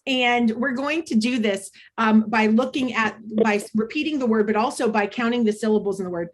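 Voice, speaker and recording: A woman's voice: a little high, a little fast. A woman presenting an interactive online workshop for teachers, speaking over a video call in an upbeat, chatty way with frequent ums. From United States.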